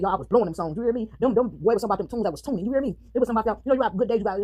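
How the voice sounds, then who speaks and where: Fast-talking chatty woman, dark voice. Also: medium pitch, no echo. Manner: chatty, addresses viewers as y'all, sings snippets. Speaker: vlogger. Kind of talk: casual chat while eating. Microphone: phone.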